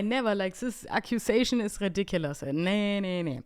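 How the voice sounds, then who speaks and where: Chatty German-accented woman, smooth voice. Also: medium pitch, normal speed. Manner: chatty and expressive, with frequent fillers. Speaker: podcast host. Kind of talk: casual storytelling monologue.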